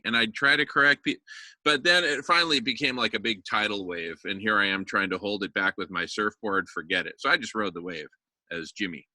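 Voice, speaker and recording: Brief: fifties male host, very bright forward tone, dry close mic, chatty. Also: fairly low pitch, lively intonation, a little fast, no echo. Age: 50s. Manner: friendly, chatty storyteller. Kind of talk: casual chat.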